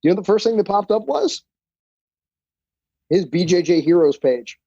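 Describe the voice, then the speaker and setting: A man guesting on a podcast, telling stories in a lively, profane way, with plenty of "like" and "you know." His voice is a little high but mellow in tone. The sound is dry and somewhat dull, like lo-fi podcast audio. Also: moderate pace, husky, no echo. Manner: animated, profane, uses many fillers. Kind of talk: casual storytelling.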